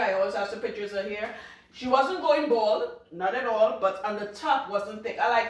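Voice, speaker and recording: A woman's voice: fairly high pitch, lively intonation, moderate pace. Outspoken Trinidadian woman, salon owner, brash and frank, distant mic, heavy room echo. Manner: blunt, outspoken, cusses freely, laughs loudly. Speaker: loctician. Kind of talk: casual talk to camera.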